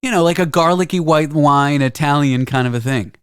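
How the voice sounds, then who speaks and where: A man's voice: on the high side, brisk, clean tone, no room sound, clean studio sound. A Canadian man hosting a radio show, chatting casually and explaining at length with small hesitations. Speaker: radio host.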